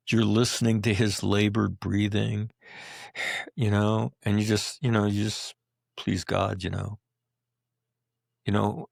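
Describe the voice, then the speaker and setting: Low gravelly male voice, dry close sound, blunt and profane, middle-aged American interview guest. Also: no room sound. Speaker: guest, combat veteran. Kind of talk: podcast interview.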